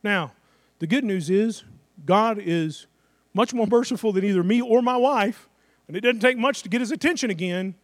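A man's voice: sits high, moderate pace, no echo, clean studio sound. A middle-aged man, a pastor, preaching a sermon in a conversational way, with rhetorical questions and little acted-out asides.

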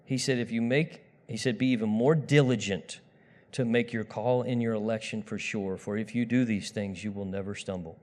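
A man preaching a sermon in a conversational way, talking straight to his listeners and moving between loud emphasis and quiet asides. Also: fairly low pitch, steady tone, normal speed. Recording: long reverb of a large hall.

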